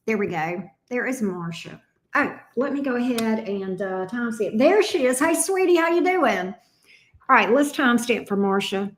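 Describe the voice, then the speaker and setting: A woman's voice: a little high, fairly bright tone. A woman with a Southern US accent hosting a casual live tarot stream, breezily greeting viewers by name in a folksy way. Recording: roomy echo.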